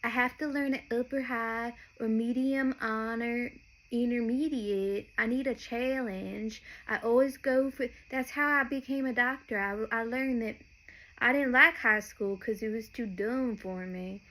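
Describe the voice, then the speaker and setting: On a rough recording, a young woman speaks in a steady, unhurried, somewhat high and a bit bright voice. The Nashville, Tennessee podcast host meanders chattily through her monologue, often stopping mid-sentence and beginning again.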